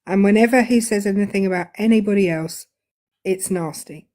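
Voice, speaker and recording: A woman's voice: medium pitch, brisk, dark tone. A woman on a political talk show who cuts in with wry remarks.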